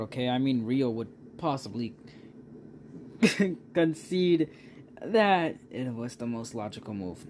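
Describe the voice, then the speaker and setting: A man's voice: mid-range voice, lively intonation, slow, darkish tone, a little hiss or hum. A young man reading a game story aloud, with casual, amused asides between the dialogue. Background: background music.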